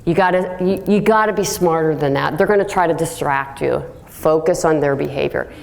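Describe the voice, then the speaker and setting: A woman speaks to a room in a lively live talk, her voice sitting a little low. She is direct and plain-spoken and tells stories briskly. She slips into the voices of the people she describes. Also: creaky. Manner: lively storytelling, acts out quotes. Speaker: workplace speaker.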